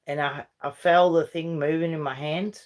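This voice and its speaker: With a low-pitched, a little mellow voice, fairly even intonation and a moderate pace, a middle-aged Uruguayan woman chats with viewers on a livestream. She's a Spanish speaker who rambles and moves back and forth between English and Spanish.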